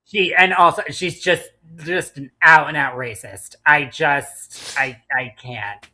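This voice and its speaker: A woman's voice: low voice, slow, bright, forceful tone. A woman co-hosting a casual podcast chat, swearing freely and hamming up mock outrage for laughs. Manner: profane, dramatic outrage played for laughs. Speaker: podcast co-host.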